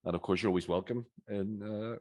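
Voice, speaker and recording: A Northern Irish man hosts a live conversation in a very low, deep voice. He talks in a chatty, halting way, often restarting his sentences. The sound is dry and close. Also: fairly even intonation, darkish tone, no echo. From Northern Ireland. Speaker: host, interviewer.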